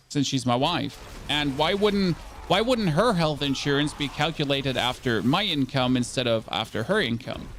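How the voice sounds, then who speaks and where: Talking to his viewers' chat as he plays, this German-accented streamer from Germany keeps up a sarcastic, rambling, casual patter. His voice is medium in pitch with a fairly bright tone, over slight background noise.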